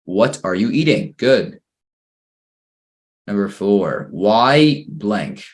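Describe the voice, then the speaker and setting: Over a computer microphone, a patient male English teacher with a fairly low voice runs a grammar lesson for children. He reads each exercise slowly, encourages every answer, and speaks expressively.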